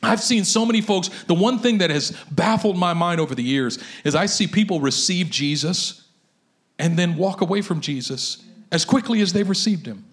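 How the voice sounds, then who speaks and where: A man preaching a sermon, animated and telling vivid stories to his congregation. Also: high voice, moderate pace. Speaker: pastor.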